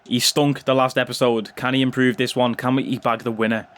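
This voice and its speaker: Excitable gaming commentator. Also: male voice, medium pitch, a little fast. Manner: chatty, excitable, bursts into loud cheers on goals. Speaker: gaming YouTuber. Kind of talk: gameplay commentary.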